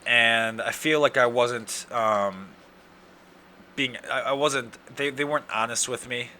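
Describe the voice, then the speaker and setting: A young man with an Upper Midwest accent, hosting a casual solo podcast, ranting and cursing in loud outbursts, his throat dry from yelling. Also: mid-range voice, a little slow, a little hiss or hum. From Wisconsin. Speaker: podcast host.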